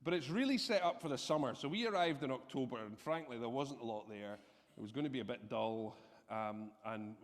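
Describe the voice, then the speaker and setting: A man preaching a sermon, telling a personal story in an animated, self-deprecating way. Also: mid-range voice. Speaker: pastor. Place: church hall. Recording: long reverb from a church hall.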